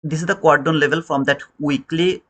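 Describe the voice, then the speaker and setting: A man's voice: fairly high pitch, steady tone, fairly quick, fairly bright tone. A man teaching a trading lesson on a live stream, questioning viewers and repeating his points in non-native English phrasing.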